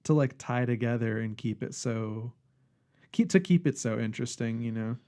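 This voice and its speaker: Male podcast co-host, relaxed rambling chat, casual swearing. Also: mid-range voice, moderate pace. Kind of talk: casual chat about a horror film.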